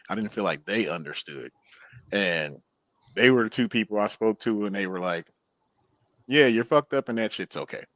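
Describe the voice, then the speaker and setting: A man with a low voice, recorded dry and close. A veteran who talks in a reflective, earnest and candid way, with loose casual phrasing. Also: a bit bright, dry recording. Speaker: army veteran. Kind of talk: casual chat.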